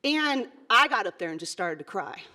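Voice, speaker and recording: In a conference hall, a middle-aged woman who coaches basketball gives an earnest motivational speech, conversational and dotted with fillers and asides. Her mid-range voice swings widely in pitch and sounds pushed and bright, at a moderate pace.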